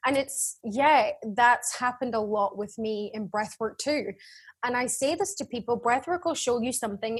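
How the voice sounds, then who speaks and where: A woman hosts a casual podcast interview, chatting easily with her guest. Her voice is slightly husky and set somewhat high, and she talks loosely, often using "like.". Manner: chatty, laughs often, says "like" a lot. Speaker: podcast host.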